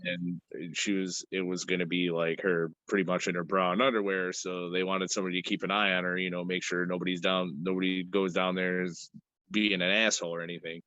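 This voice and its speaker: Low-voiced man recapping a film casually. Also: flat delivery, fairly quick, bright, forceful tone, no echo, lo-fi sound. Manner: loose, rambling retelling with acted-out quotes. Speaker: podcast co-host.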